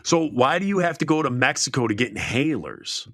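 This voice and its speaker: A man's voice: medium pitch, very animated, a little fast, fairly bright tone, no room sound, studio quality. A middle-aged man co-hosting a podcast in casual, rambling, self-deprecating chat. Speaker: podcast co-host.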